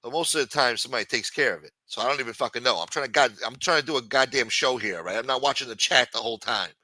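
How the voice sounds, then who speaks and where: A man's voice: mid-range voice, fast, pushed and bright, no echo. A man hosting a livestream, ranting with frequent swearing and exasperation. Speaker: livestream host.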